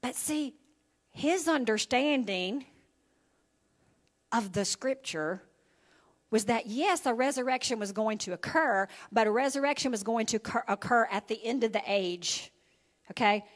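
A woman pastor preaches a church sermon in a conversational way, reading scripture and then talking it through with her listeners. Her voice sits a little higher than most women's. She often pauses to check that they are following. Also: lively intonation. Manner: conversational preaching with frequent "okay?" and "right?" check-ins. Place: church sanctuary.

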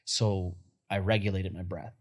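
A man's voice: low voice, flat delivery, measured pace. A man hosting a podcast, telling stories casually with slang and frequent laughter. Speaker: podcast host. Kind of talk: casual conversation.

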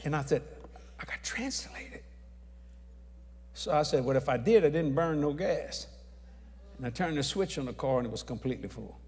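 A man telling a testimony story as an evangelist, acting out the people in it and raising his voice at the high points. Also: quick pace. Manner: animated, acts out dialogue, shouts at climaxes. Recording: long hall reverb.

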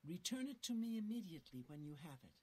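A woman's voice: on the low side, sing-song, quick pace, dark tone, breathy edge. An actress playing a scheming female mage in a fantasy game, haughty and conspiratorial.

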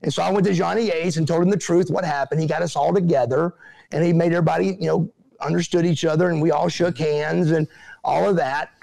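Gravelly man telling stories. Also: a little high, quick pace. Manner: animated, acts out quotes in other voices. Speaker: interview guest, former pro wrestler. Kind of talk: casual storytelling.

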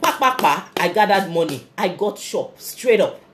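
A Nigerian woman in her thirties who runs a fashion business speaks on a live stream, answering viewer comments. Her mid-range, slightly bright voice moves at normal speed with lively intonation as she delivers earnest, motivational talk, repeating key phrases.

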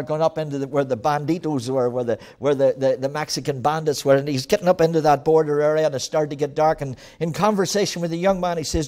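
A man preaching a sermon as pastor, telling stories with sudden swings from quiet to loud and frequent laughs. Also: on the high side. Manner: storytelling preacher with dramatic swings in loudness, laughs often.

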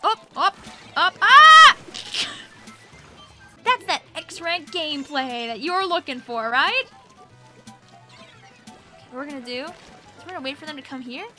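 A very high, piercingly bright young woman chatters through her gameplay as a streamer, teasing opponents and squealing when things go wrong. Her pitch leaps all over the place, and faint game music plays beneath her desk mic. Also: animated, unhurried, pauses often. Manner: playful, teasing, squealing and laughing often. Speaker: gaming streamer. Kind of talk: excitable gameplay commentary. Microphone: desk microphone.

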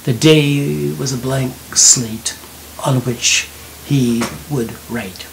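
Slow, soft-spoken man reading a story. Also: mid-range voice, steady tone, gravelly, a little hiss or hum, rough recording. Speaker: narrator. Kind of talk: scripted storybook narration.

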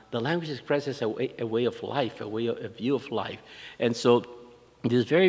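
An older man, a priest giving a lecture, speaks in a mid-range voice. He tells stories loosely, with many fillers, restarts and soft chuckles. His voice rings with the long reverb of a lecture hall. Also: medium pitch. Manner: anecdotal, warm chuckles, frequent restarts and "uh" fillers. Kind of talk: storytelling lecture.

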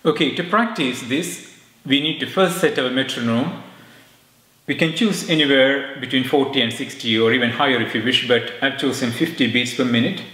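A man teaching rhythm, explaining calmly and chanting rhythm syllables in time. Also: medium pitch, normal speed. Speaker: music teacher. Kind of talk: rhythm lesson with spoken syllables. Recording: echoey room with clicking metronome.

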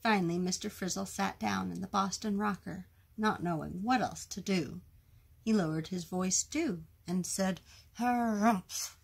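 A woman reading a children's picture book aloud in a gentle, expressive storytime manner. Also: lowish voice, moderate pace, vocal fry, slightly rough. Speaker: storytime reader.

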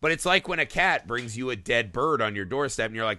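A man co-hosting a film podcast, talking casually and profanely, slipping into quick character voices. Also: mid-range voice, animated, pushed and bright, dry recording. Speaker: podcast co-host.

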